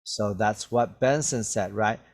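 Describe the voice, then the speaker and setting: A man's voice: lowish voice, gravelly. A man teaching an English vocabulary lesson, patiently checking his students' understanding as he goes. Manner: slow, patient, checks understanding with "right?" and "okay?".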